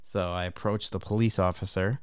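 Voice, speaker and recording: A man's voice: sits low, fairly even intonation, a little fast, clear, resonant tone. A man from Michigan, a podcast co-host, telling rambling, profane anecdotes in casual chat. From Michigan, USA.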